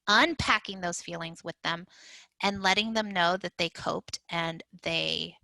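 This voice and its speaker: Woman, educator, parenting talk, conversational, lots of fillers, bright tone. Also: lowish voice, a little slow, gravelly, no echo, low-quality recording. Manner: conversational, many fillers and restarts. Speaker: early childhood educator.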